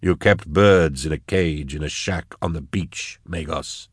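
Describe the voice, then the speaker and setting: Brief: man doing a grim curt investigator, very deep, flat and clipped, dry close read. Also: unhurried, no echo. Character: grim cold male investigator, weary and curt. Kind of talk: audiobook narration.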